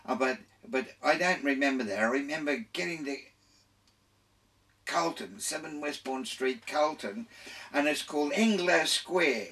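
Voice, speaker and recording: A man's voice: fairly high pitch, a little slow, sharp tone, distant mic. An older man with an Australian accent, a radio guest telling his life story in a rambling way, full of restarts and laughter.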